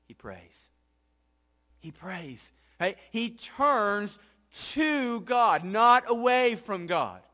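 High-voiced pastor preaching reflectively. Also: male voice, big pitch swings, drawn-out words. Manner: reflective preaching, often drops soft and low for scripture; asks the congregation rhetorical questions, frequent "right?". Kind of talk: sermon. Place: church sanctuary with congregation.

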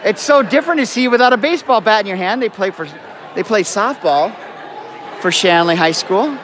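A man's voice: high voice, animated, fairly quick. A man hosting a live stream in a school gym, joking with students and often apologizing. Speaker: event host live streaming. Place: school gym with a crowd, indoors. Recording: loud crowd chatter and noise. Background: crowd chatter.

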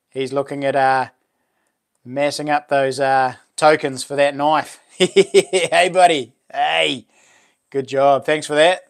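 In a slightly high voice with a New Zealand accent, a man hosts a casual live stream, chatting in a laid-back, friendly way and reading out viewers' comments.

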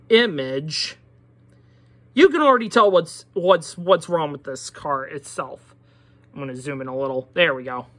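Slow-talking exasperated Pittsburgh woman ranting. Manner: exasperated, profane, swings from low mutter to loud outburst. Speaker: diecast collector reviewer. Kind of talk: ranting product review.

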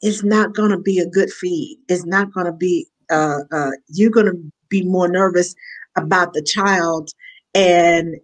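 A woman's voice: on the low side, measured pace. Chatty woman hosting an interview. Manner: lively, acts out quoted voices. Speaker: host and nanny. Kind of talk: casual interview chat.

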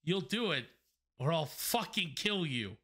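Tiefling monk voiced by the GM, foul-mouthed and defiant, pitched high. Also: male voice, sing-song, measured pace, husky, heavily acted. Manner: shouting, cursing, defiant.

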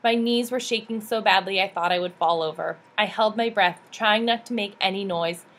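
A woman reads a memoir aloud with steady, earnest storytelling. Her pitch sits in the middle of the range and her delivery stays plain and sincere, never theatrical. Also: moderate pace. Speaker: audiobook reader.

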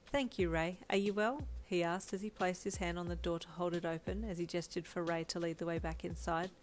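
Low-voiced woman reading a story. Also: level tone, fairly quick. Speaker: fanfiction narrator. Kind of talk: audio story narration. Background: faint lo-fi background music.

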